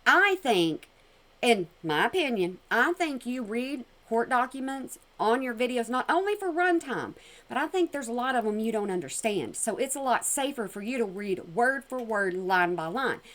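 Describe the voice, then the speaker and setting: A woman giving sassy, mocking commentary on a clip, with a twang and sudden loud outbursts. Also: a little high, sing-song, moderate pace. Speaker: commentary vlogger reacting to a clip. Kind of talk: casual commentary.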